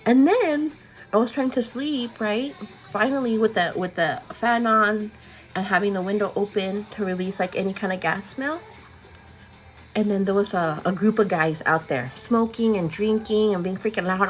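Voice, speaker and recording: A woman's voice: medium pitch, normal speed, faint music behind. A young woman telling a story to her viewers in a casual, chatty way, tired and overwhelmed, laughing often and quoting both sides of an argument. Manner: chatty, animated retelling with laughs, quotes others. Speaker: vlogger.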